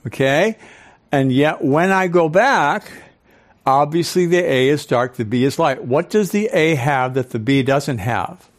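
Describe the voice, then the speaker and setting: An older man giving a live lecture to an audience as a speaker and professor, animated, often quizzing listeners with questions. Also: fairly high pitch, measured pace. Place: club hall with a live audience.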